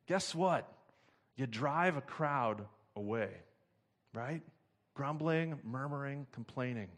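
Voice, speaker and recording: A male pastor delivering a sermon with animated storytelling. He moves from prayer into an everyday story, acting out each person in it with a voice in the middle range. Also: medium pitch, slow pace. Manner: animated storyteller who acts out characters.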